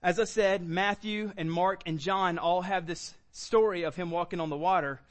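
A man preaching a sermon as pastor, animated, acting out quoted lines with sudden high bursts. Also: moderate pace.

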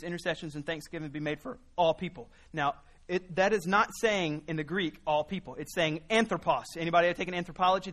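Guy preaching a sermon, kinda high bright voice, keeps hammering words over and over. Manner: earnest, builds emphasis through repetition.

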